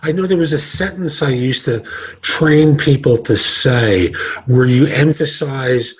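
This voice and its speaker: A man hosts a career advice show, pausing his guest to restate her points and steer the talk. His voice is a touch husky and sits in a middle pitch. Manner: interjecting, recaps points, asks follow-ups. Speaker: podcast host, career coach. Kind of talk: interview hosting.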